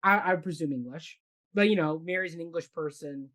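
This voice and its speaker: A woman's voice: sits low, a little fast, fairly bright tone. A woman co-hosting a casual theatre review chat, rambling with many fillers and restarts. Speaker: podcast co-host.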